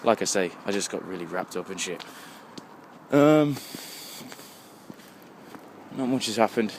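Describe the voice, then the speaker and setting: English guy in his twenties, slightly drunk, rambling, swearing nonstop, low voice, faint traffic hiss. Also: animated, unhurried, a little mellow. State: tipsy. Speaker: vlogger. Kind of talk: casual rambling monologue. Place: outdoors on a street at night, walking. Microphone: phone held while walking. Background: faint passing traffic.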